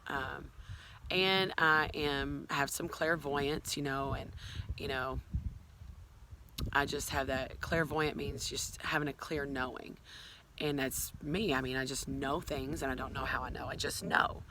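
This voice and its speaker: A woman's voice: extremely low pitch, steady tone, measured pace, noisy background. A woman telling her own story to a phone camera at home, rambling with many fillers and asides. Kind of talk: casual personal storytelling. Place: at home, filming herself on a phone.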